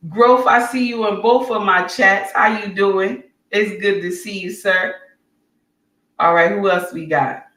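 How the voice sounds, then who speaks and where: A woman hosting a livestream delivers an impassioned rant and then reads the chat, sounding preachy, blunt, and scolding, at times raising her voice to a shout. Her medium-pitched voice has fairly even intonation and a slightly slow pace, recorded from a distance with a roomy sound.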